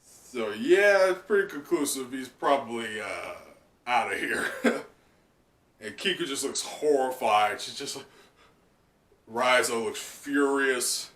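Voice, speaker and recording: A man hosting a casual live reaction, excitable and laughing often, with plenty of fillers and swearing. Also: mid-range voice, slow pace. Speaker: channel host. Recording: echoey room, mic at a distance.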